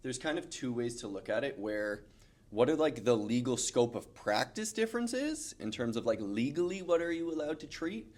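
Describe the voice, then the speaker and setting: A man's voice: mid-range voice, animated, moderate pace, darkish tone. A man, a chiropractor co-hosting a casual podcast chat.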